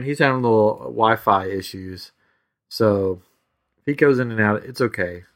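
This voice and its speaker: A man's voice: fairly low pitch, a little slow, fairly bright tone. A man hosting a podcast, telling a travel story in a loose, rambling way with lots of restarts. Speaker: podcast host. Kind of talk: casual chat.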